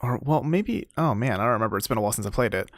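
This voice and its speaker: Young dude podcast cohost, laid back, lots of ums and likes, dry sound. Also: male voice, medium pitch, racing, no echo. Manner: relaxed, filler-heavy, recaps the story. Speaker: podcast co-host. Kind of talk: casual game discussion.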